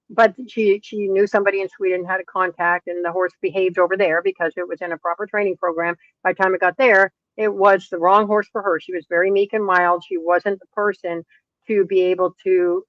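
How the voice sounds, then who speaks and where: A woman's voice: on the low side, a little fast, no echo. A middle-aged woman horse trainer and author, telling stories in an interview and acting out the people in them. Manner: lively storyteller acting out quoted dialogue. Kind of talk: interview storytelling. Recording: dull, dry lo-fi sound.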